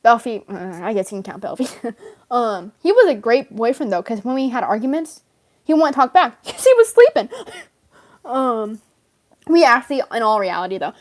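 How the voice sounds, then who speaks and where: A fan role-player, staying in character, tells a long, rambling story in a slightly high, sing-song voice at a moderate pace. She says "like" constantly and laughs often throughout.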